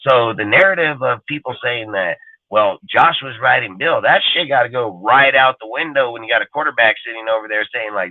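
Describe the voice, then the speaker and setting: A man's voice: medium pitch, moderate pace, dry recording, narrow, tinny audio. A man hosting a casual sports talk show, ranting emphatically and cursing often.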